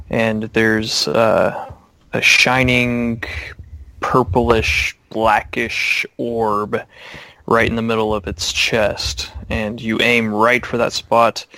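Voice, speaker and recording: A man narrating a tabletop game as game master, halting with many fillers. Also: medium pitch, a bit bright, no echo.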